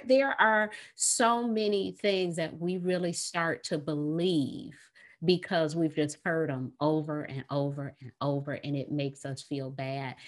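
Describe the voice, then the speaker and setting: Woman therapist, American accent, podcast guest, fairly low pitch, animated, laughs often. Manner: animated, laughs often, acts out quoted phrases. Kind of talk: podcast conversation.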